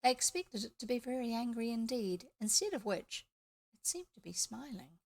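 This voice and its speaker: A woman's voice: a little high, normal speed, gravelly. A woman with a New Zealand accent reading a classic children's book aloud, with chatty asides. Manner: lively storytelling with chatty asides. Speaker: audiobook reader.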